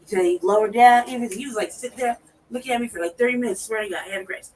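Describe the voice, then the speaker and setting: A woman co-hosting a talk show, telling a profane story in a lively way and acting out her own reactions. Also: a little high, racing. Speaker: podcast co-host. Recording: distant mic with faint noise.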